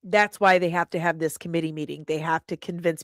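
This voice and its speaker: A woman hosting an opinionated commentary show, sarcastic and quick to laugh. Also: lowish voice, fairly even intonation, no echo, clean studio sound. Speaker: host. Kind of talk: casual commentary.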